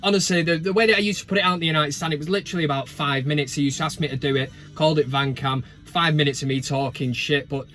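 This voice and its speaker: A man's voice: a little high, steady tone, fast, few pauses, a bit bright, soft background music. Bantering man hosting a football vlog. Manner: banter, swearing, jokey. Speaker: host. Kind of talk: casual football chat vlog.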